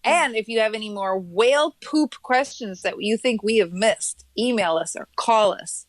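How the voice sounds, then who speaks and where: A woman hosting a relaxed podcast, eager and playful as she asks for more stories. Her voice runs a bit high. The sound is close and dry. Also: no room sound. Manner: eager, playful, reads out contact info slowly. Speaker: podcast host. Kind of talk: casual chat.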